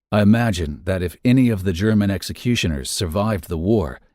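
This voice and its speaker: A man narrating a first-person memoir in a measured, somber reading for a podcast. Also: on the low side, darkish tone, no room sound, studio quality.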